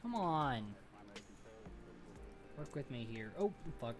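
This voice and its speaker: A woman livestreaming casually while she builds a model kit, ranting and swearing, jumping from loud outbursts to low muttering. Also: big pitch swings, slow. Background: background music.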